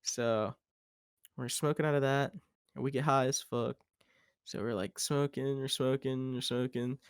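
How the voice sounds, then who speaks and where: A man's voice: medium pitch, steady tone, measured pace, smooth, no echo, studio quality. A young man hosting a podcast, telling a long story in a rambling, laid-back way with plenty of "like" and swearing. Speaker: podcast host. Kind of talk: casual storytelling chat.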